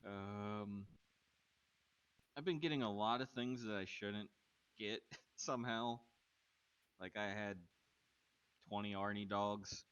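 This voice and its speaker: A man's voice: lowish voice, steady tone, takes it slowly, pauses often, fairly bright tone, clear, resonant tone, lo-fi sound. A man telling a rambling in-character story during a roleplay game stream, chuckling between sentences. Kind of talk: casual in-character chat.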